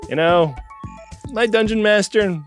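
A man's voice: sits high, a little slow, faint music behind. A man co-hosting a comedy podcast, rambling through loose, casual banter. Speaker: podcast co-host.

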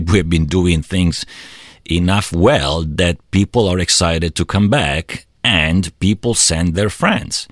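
A man's voice: low-pitched, no room sound, studio quality. A middle-aged man from Italy with an Italian accent, a guest in an interview who searches for words with many fillers and restarts. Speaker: guest, travel business owner.

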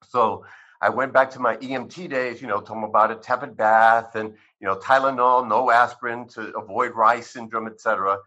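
Talking a little fast, a chiropractor in his sixties answers an interviewer with a medium-pitched, sharp voice and fairly even intonation. His life story comes out rambling and conversational, peppered with fillers and re-enacted quotes. The recording is slightly muffled.

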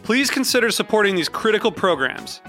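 A man reading a scripted fundraising appeal for a podcast network in an earnest, steady way. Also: sits high, fairly quick. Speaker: network announcer. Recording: light music behind.

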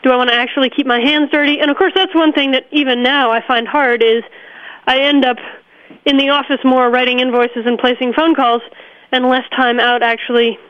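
A woman's voice: sits high, fairly even intonation, fairly quick, highs cut off. A woman who runs a plant nursery, telling stories as a guest in a chatty way and laughing often. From upstate New York. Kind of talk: relaxed storytelling in an interview.

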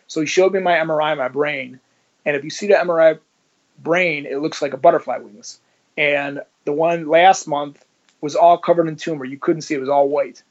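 A man's voice: a little high, steady tone, a little fast. A man telling his story as a guest in casual, blunt talk, swearing freely and acting out the dialogue he quotes. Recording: dull lo-fi audio.

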